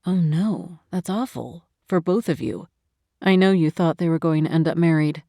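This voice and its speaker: Soft reassuring man voiced by a female narrator, a bit lower, mellow tone, audiobook. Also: moderate pace, no echo, clean studio sound, natural voice. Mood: gentle, concerned. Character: gentle, caring grown man, a devoted partner.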